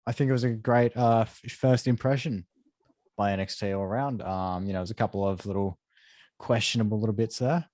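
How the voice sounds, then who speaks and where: A man's voice: lowish voice, dark tone, no echo. A man hosting a casual review chat, upbeat and swearing casually.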